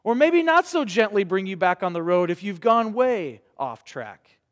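A man preaching a sermon to young people, earnest and rhetorical, with dramatic pauses. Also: sits high, big pitch swings. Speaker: pastor. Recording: reverberant hall.

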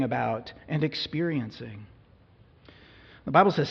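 In a dull, lo-fi recording full of hall reverb, a male pastor speaks a little slowly in a husky, somewhat high voice. His sermon is relaxed and chatty, and he often turns to the congregation with questions.

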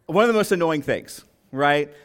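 Halting, high-voiced man preaching. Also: expressive, a bit bright, clear, resonant tone. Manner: conversational, halting, many restarts. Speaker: lay preacher. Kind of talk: casual sermon with anecdotes.

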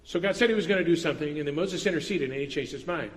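A man's voice: fairly high pitch, racing, in a large hall. A man preaching an earnest sermon as pastor, stressing points with repetition.

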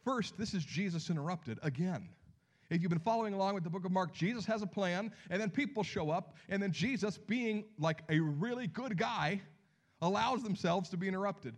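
A man preaching a sermon as pastor, telling the story with lively acted-out voices and dropping to hushed near-whispers for emphasis. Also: high voice, moderate pace.

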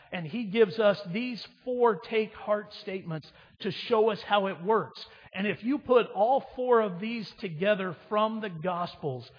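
A man preaching a sermon, retelling a scripture story dramatically, moving between loud emphasis and hushed reading. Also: high voice, husky. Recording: dull reverberant hall sound.

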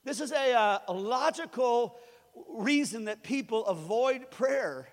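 A man's voice: very high voice, expressive, a little slow. A male pastor preaching a conversational sermon with joking asides in a church. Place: church sanctuary. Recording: long reverb of a large hall.

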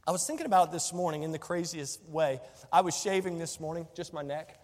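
A man's voice: a little high, expressive, fast, darkish tone, big-room sound. A man preaching a sermon as pastor, impassioned and repeating phrases for emphasis.

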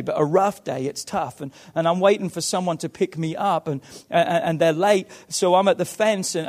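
A man preaching a sermon to his church, emphatic and swinging between loud calls and hushed passages. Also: high-pitched. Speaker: pastor.

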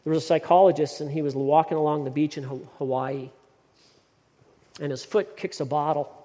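A man's voice: on the high side, flat delivery, brisk, mellow. A man preaching a sermon as pastor, emphatic, often repeating words as he builds his point. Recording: long hall reverb.

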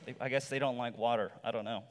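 A male pastor giving a sermon in a relaxed, conversational storytelling manner, with rhetorical asides to the congregation. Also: medium pitch, fast talker. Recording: long reverb from a large hall.

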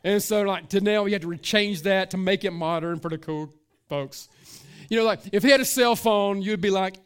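A middle-aged man preaching a sermon as pastor, in a casual, emphatic way, often saying "man" and "listen", dropping to a hush and then rising loud, stretching key words. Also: high-pitched, moderate pace, clear, resonant tone.

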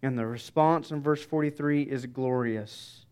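A pastor preaching a sermon, emphatic, with dramatic soft pauses. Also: male voice, mid-range voice, clean tone.

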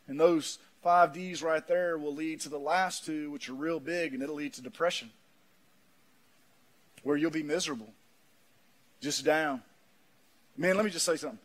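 Man, pastor, sermon, high voice, folksy, shouts then drops quiet. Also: steady tone, normal speed, long pauses. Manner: preaching with swings from shouting to low quiet; folksy, says "man" often.

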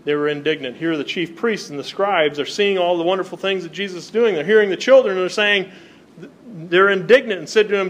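A man's voice: high-pitched, a little fast. A male pastor preaching a sermon, reading Bible passages aloud and explaining them to his congregation. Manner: reads scripture aloud, then explains it to the congregation.

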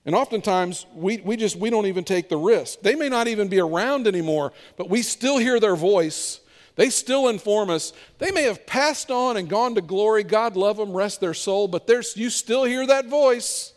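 A male pastor preaches with a high, expressive voice, slipping into the voices of the people in his stories. His words ring out with the long reverb of a large hall. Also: normal speed. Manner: animated storytelling, acting out voices of biblical figures. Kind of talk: sermon.

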